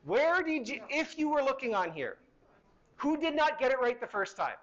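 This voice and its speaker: A man's voice: very high-pitched, sing-song, moderate pace, fairly bright tone, dull audio. A middle-aged man teaching a university chemistry lecture in a hall, conversational and asking the class questions as he goes.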